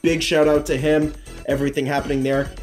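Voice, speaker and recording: A man's voice: on the high side, flat delivery, fairly quick, a little mellow, faint music behind. A young man co-hosting a casual podcast, rambling and laughing easily. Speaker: podcast co-host.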